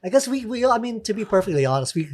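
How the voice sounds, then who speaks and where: A man's voice: high-pitched, very animated, very fast, a little mellow. Laid-back male podcast host. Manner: laid-back interviewer, short backchannels. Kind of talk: casual podcast chat.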